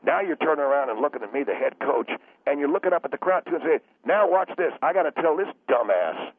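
Man playing a ranting football coach, middle-aged, indignant, husky, tinny phone sound. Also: fairly high pitch, sing-song, fast, no echo. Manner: ranting, indignant, easily offended. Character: aggrieved veteran high school football coach.

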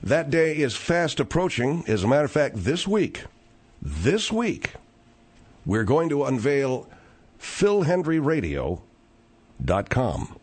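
A man hosting a radio talk show from a studio by the ocean, talking fast with a salesman's push on a studio microphone. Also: huge pitch swings, darkish tone, husky. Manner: fast, promotional pitching.

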